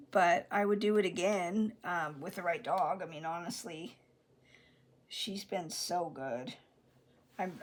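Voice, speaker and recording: A middle-aged woman, chatting casually while she crafts. She rambles with many restarts and drops into soft whispered asides. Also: mid-range voice. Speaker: crafting vlogger.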